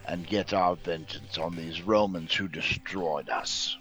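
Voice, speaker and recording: A man voicing a captured barbarian father who speaks low and earnestly to his family. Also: measured pace, fairly bright tone. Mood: urgent. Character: grave captive barbarian father, middle-aged man.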